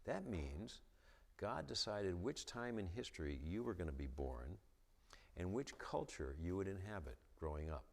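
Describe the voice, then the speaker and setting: Deep-voiced man who stutters, in a hall. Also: expressive, moderate pace, creaky, darkish tone. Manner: stutters, repeats the starts of sentences. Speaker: guest speaker at a church. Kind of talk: lecture-style church talk. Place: church hall with an audience.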